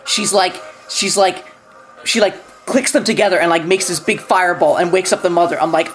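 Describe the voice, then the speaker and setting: A young woman rants her way through a film review, talking in a lowish voice with a faint hiss of noise behind her. She rambles, piles on fillers and false starts, curses freely and keeps laughing between points. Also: brisk, low-quality recording. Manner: rambling, full of "like" and restarts, profane, breaks into laughter. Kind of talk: casual ranting movie review.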